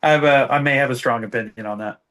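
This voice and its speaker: A man answers questions as a podcast guest, relaxed and joking. His voice sits at a plain middle pitch. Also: fast. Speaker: guest, food challenge producer. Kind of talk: casual interview.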